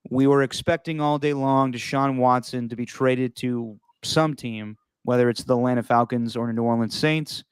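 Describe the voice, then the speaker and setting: Young man, podcast host, casual sports chat, joking, smooth resonant voice, dry close sound. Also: mid-range voice, fairly even intonation, normal speed, hardly any pauses, dry recording. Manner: loose, swearing, laughs easily.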